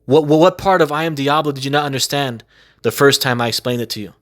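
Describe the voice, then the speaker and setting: A man in an exasperated monologue, venting his grievance and repeating rhetorical questions again and again. His speech is peppered with profanity. His voice sits at an ordinary middle pitch for a man. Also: quick pace. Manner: aggrieved, exasperated. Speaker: gaming video creator. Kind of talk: ranting monologue to camera.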